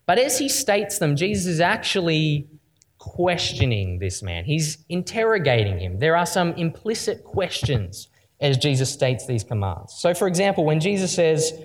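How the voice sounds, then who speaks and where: A man's voice: a little high, normal speed. A man preaching a conversational sermon, often asking rhetorical questions. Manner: lively, questioning, frequent rhetorical "right?".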